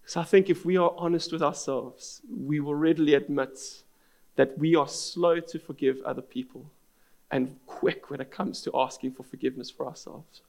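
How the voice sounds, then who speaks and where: A pastor preaches his sermon with earnest storytelling drive, his voice a little high for a man and gravelly with a fry-edged texture. His intonation is fairly even, his pace moderate, and his tone darkish.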